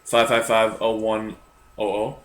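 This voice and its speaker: A man's voice: fairly low pitch, little pitch movement, a little slow, a bit bright, slight background noise. A man co-hosting a casual recap chat, offhand and thinking aloud as he reads from his notes. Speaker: podcast co-host. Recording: echoey room.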